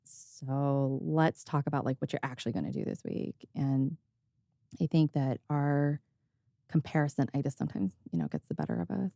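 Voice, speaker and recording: A woman's voice: rumbling low, expressive, moderate pace, gravelly, mellow, dry recording, studio quality. A woman hosting a podcast, chatting casually and candidly, laughing often and swearing offhandedly. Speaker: podcast host. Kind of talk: casual conversational chat.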